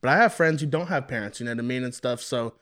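A man's voice: mid-range voice, fast. A young man talks easily about making music, his voice sitting in an ordinary middle range. He speaks loosely, circling back with lots of casual fillers. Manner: relaxed, many fillers like "you know what I mean". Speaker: rapper guest. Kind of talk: casual interview.

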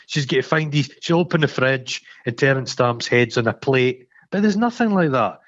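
A Scottish man co-hosting a podcast, chatting casually about a film with sweary, animated storytelling. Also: medium pitch, normal speed. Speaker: podcast co-host. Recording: dull lo-fi sound.

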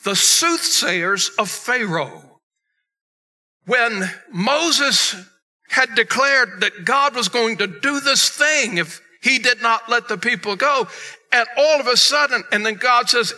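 Male pastor, emphatic sermon, high and sharp, bright tone. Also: expressive, slow. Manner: emphatic preaching, swings between loud and hushed.

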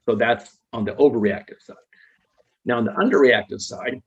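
Husky man explaining patiently, lo-fi sound. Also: mid-range voice, normal speed, a bit bright. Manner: explains patiently, often checks in with tag questions. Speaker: psychologist guest and author. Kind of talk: explanatory interview talk. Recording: dull lo-fi recording.

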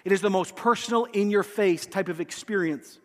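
A pastor, preaching a sermon in a church and speaking earnestly and directly to the congregation. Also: male voice, high-pitched, brisk, long reverb tail. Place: church sanctuary.

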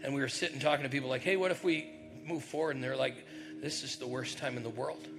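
Middle-aged male pastor, mid-pitched, conversational sermon with acted-out voices, music bed behind. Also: fairly even intonation, fast, gravelly. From northern New York. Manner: conversational, acts out quoted voices, rising to loud bursts. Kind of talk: sermon with personal storytelling.

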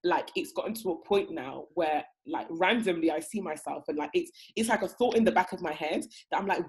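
A woman's voice: on the low side, a little fast, few pauses, a little mellow, low-quality recording. A young woman co-hosting a podcast, chatting casually, laughing often and repeating herself. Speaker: podcast co-host. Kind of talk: casual chat.

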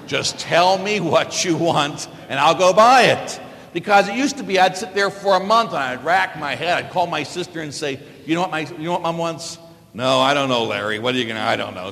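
High-voiced priest preaching in a hall. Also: male voice. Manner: storytelling homily, big swings from low asides to loud exclamations. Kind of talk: sermon. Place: church.

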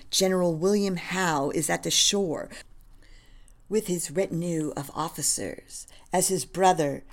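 Slow, gravelly-voiced woman narrator. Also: low-pitched. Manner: measured, descriptive reading. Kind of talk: reading a screenplay-style story.

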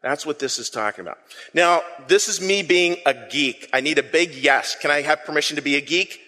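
A man's voice: on the high side, brisk, pushed and bright, in a large hall. A man preaching an interactive sermon, calling the congregation to repeat words back to him in a playful, self-deprecating way. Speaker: pastor. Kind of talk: interactive sermon with audience call-and-response. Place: church sanctuary.

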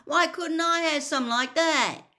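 A woman voicing a stubborn teenage boy who protests loudly in a high, outraged voice. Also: sing-song, measured pace.

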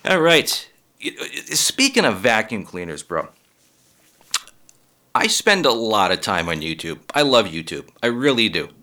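A man's voice: on the low side, big pitch swings, a little slow, sharp tone. A man comedian delivering a rambling, profane comedic monologue and laughing at his own jokes.

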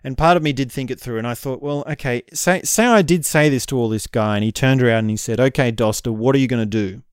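A man's voice: mid-range voice, fast talker, clean tone, no room sound, studio quality. A man talking straight to his own camera in a casual vlog monologue, reflective and rambling, with frequent "right?" asides. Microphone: camera mic.

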